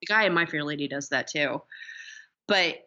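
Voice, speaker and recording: A woman's voice: sits low, moderate pace, muffled recording. A woman co-hosting a podcast, casually discussing a film and animatedly acting out its lines. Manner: animated, acts out quotes from the film. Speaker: podcast co-host.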